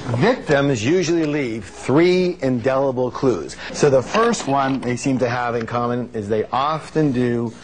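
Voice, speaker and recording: A man's voice: medium pitch, unhurried, few pauses, slight background noise. A man giving a live motivational seminar, emphatic and joking, quizzing the audience and having them repeat phrases back. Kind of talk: live seminar lecture with call-and-response.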